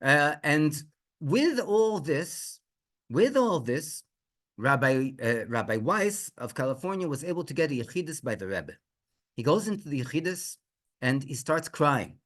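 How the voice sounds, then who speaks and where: A middle-aged rabbi tells a religious story in a lively, swooping voice that sits a little high for a man. He keeps restarting phrases and asking rhetorical questions, talking through his story off the cuff. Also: measured pace. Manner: animated, many restarts and fillers, rhetorical questions.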